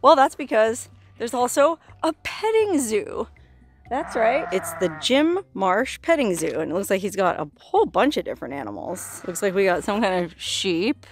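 A woman's voice: medium pitch, big pitch swings, moderate pace. A woman hosting a casual walking-tour vlog outdoors, chatty and upbeat, cooing at animals along the way. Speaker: travel vlogger and host. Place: outdoors at a desert roadside hotel.

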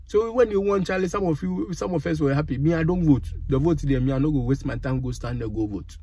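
Ghanaian man vlogger, slightly high husky voice, dry close sound, indignant rant. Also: fast, dark tone, dry recording. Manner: exasperated, indignant, mixes Pidgin and Twi. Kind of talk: ranting commentary.

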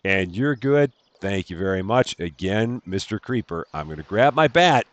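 Guy doing a chill let's play, lowish voice that bounces all over, jokes around with the npcs. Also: animated, normal speed, no room sound, muffled recording. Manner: chatty, jokey, talks to game characters. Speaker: gameplay commentator. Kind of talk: casual let's-play commentary.

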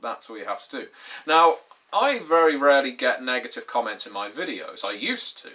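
A man's voice: mid-range voice, big pitch swings, fairly quick, bright, forceful tone. A British man in his twenties hosting his gaming channel, talking to camera in a dry, sardonic way with wry humor. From Britain. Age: 20s. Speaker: YouTube gaming channel host. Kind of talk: casual to-camera talk.

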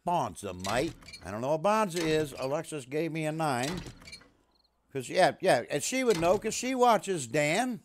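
A man's voice: a little high, animated, moderate pace, slight background noise. A man chatting casually and jokingly to his live-stream viewers while playing a survival game. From USA. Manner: chatty, talks to his chat and his dog, jokey.

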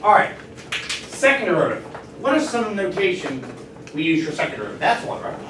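A man teaching a math class, lively and encouraging, often asking the students questions. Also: high voice, fairly quick. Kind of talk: classroom lecture. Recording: roomy classroom from far off, faint noise.

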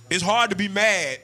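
A man preaching a street-style sermon, animated and slangy, acting out what husbands and wives say. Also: sits high.

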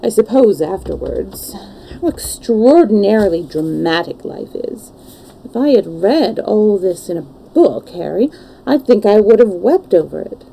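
A woman reading the part of an impulsive, anguished young English gentleman in a storybook, with emotional, pleading delivery. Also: mid-range voice, very animated, measured pace, gravelly, husky, exaggerated voice, rough recording. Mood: wistful.

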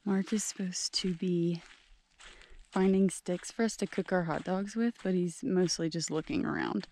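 A woman chatting and joking casually at a campsite as a travel companion, often whispering softly. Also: fairly low pitch, steady tone, normal speed. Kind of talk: casual travel vlog chat. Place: outdoors at a campsite.

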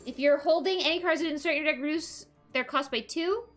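A young woman streaming a card game, excitable and laughing often as she reads card text aloud. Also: high-pitched, a little fast, faint music behind. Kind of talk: live game commentary.

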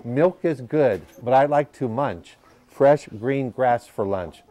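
A man's voice: mid-range voice, lively intonation, slow pace, mellow. A man reading as a contented storybook cow. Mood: matter-of-fact. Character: contented grass-munching cow.

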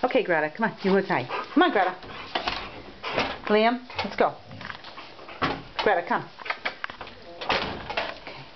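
A woman's voice: mid-range voice, expressive, unhurried, pauses often. A woman caring for foster dogs at home, narrating a home video and coaxing the dogs along in a sing-song voice. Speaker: dog foster caretaker. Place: home, in and out of doors. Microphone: handheld camera. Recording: dull lo-fi camera audio with loud noise.

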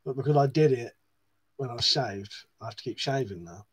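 A man's voice: medium pitch, expressive, a little fast, slightly rough. Chatty man swearing on a live stream. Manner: chatty, swears often, laughs at himself. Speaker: live stream host reading chat. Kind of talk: casual live-stream chat.

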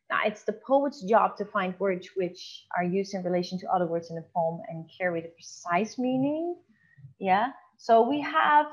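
A woman teacher leads an online class lecture at a middle pitch, explaining step by step. She often checks in with a quick tag question and slows down to read examples aloud. The audio is dull and lo-fi.

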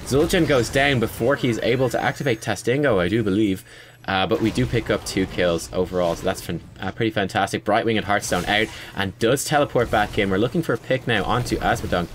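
A man's voice: lowish voice, a little fast, a little hiss or hum. A man giving casual gameplay analysis commentary, conversational and self-critical, with frequent fillers. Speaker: gaming video creator.

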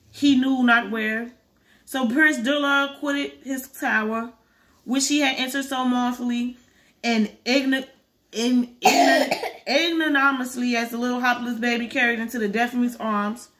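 A woman's voice: a little high, fairly bright tone. A woman reading a storybook chapter aloud, carefully, restarting on hard words. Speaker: reader.

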